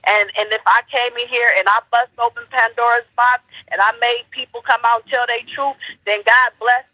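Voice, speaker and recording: A woman's voice: fairly high pitch, steady tone, normal speed, pushed and bright, no echo. Brash woman caller on a phone line. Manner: brash, preachy, trash-talking. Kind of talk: heated call-in commentary.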